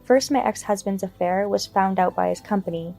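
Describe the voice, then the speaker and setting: A woman tells a first-person story in a calm, matter-of-fact way. Her voice is warm and mellow, with soft music underneath. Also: medium pitch, fairly quick, vocal fry. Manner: even, matter-of-fact retelling. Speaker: story narrator.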